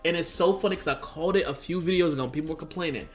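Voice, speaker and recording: A man's voice: fairly high pitch, rapid-fire, few pauses. A man delivering an exasperated, sarcastic and profane rant as a commentary video host, mocking the critics he quotes. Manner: mocks critics in quoted asides. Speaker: YouTube commentator. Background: faint background music.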